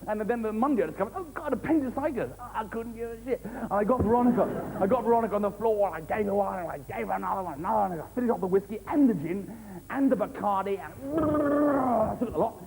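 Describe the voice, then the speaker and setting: A man's voice: high voice, fast, gravelly, hardly any pauses, a little mellow. A man playing a careless, boastful upper-class surgeon who brags and giggles. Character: reckless upper-class male party-boy surgeon. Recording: noisy old TV tape.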